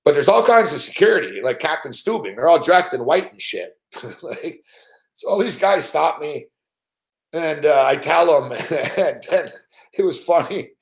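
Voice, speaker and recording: A man's voice: fairly high pitch, big pitch swings, measured pace, gravelly. A man hosting a show, telling a long story in a rambling, profane way with frequent laughs and heavy swearing. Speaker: show host.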